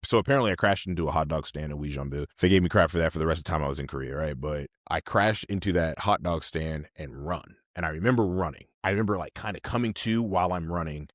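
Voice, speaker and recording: A man's voice: extremely low pitch, fast talker, hardly any pauses, no room sound, studio quality. A man in his thirties, a podcast guest, telling stories casually and animatedly, laughing often. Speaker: podcast guest, army officer. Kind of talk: casual storytelling.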